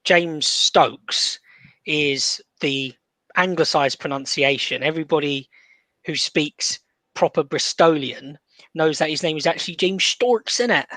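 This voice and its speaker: A man's voice: a little high, steady tone, a little slow, sharp tone, no room sound. A man co-hosting a podcast, playful in casual banter. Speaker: podcast co-host.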